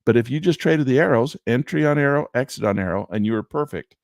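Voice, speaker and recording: A man's voice: mid-range voice, expressive, fast talker, gravelly, no echo, clean studio sound. A man teaching chart trading on a screen share, talking emphatically with rhetorical asides. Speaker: trading instructor.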